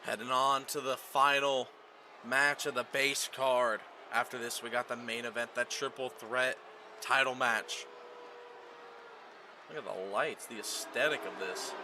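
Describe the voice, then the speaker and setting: A man doing play-by-play commentary over a video game wrestling match, calling moves quickly and getting louder at near-falls. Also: medium pitch, background noise. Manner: rapid play-by-play calls, rising excitement at near-falls.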